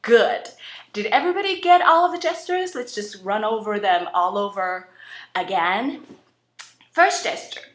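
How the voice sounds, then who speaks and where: A young woman hosting a playful comedic audition, chatty and animated. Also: medium pitch, measured pace. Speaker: host audition contestant. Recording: roomy echo.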